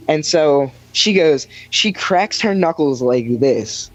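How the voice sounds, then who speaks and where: This young man's voice is on the high side and animated, though he takes it slowly. As a podcast guest, he rambles through a long lifeguard work story with lots of fillers, voicing the quoted characters, in casual chat recorded with a dry, dull lo-fi sound.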